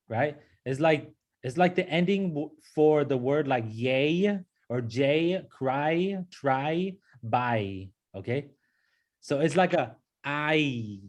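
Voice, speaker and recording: A man's voice: a little high, lively intonation, takes it slowly. A man teaching a pronunciation lesson to a class. He patiently repeats sounds and keeps checking in with "okay?" and "right?". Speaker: language teacher.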